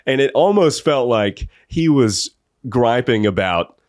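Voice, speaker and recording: A man's voice: mid-range voice, animated, measured pace, a little mellow, no echo, studio quality. A young man hosting a podcast, telling a comedic story in a rambling way and often laughing through it. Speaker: podcast host.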